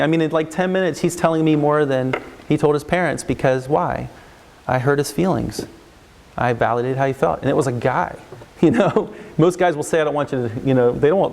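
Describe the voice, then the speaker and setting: A man's voice: on the high side, creaky. A man counseling parents and teachers, talking casually and acting out what kids and adults say. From United States. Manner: animated, acts out kid and adult voices. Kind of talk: instructional talk with acted examples.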